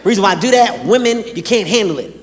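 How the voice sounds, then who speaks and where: A man's voice: sits high, big pitch swings, fast talker, heavy background noise. A man doing stand-up comedy, brash and profane, acting out scenes. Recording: reverberant venue with crowd.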